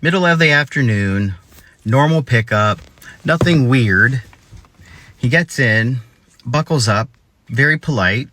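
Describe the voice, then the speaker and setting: Slow, clipped male storyteller. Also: mid-range voice, slight background noise. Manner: clipped short phrases, deadpan. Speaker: rideshare driver. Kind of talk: storytime narration.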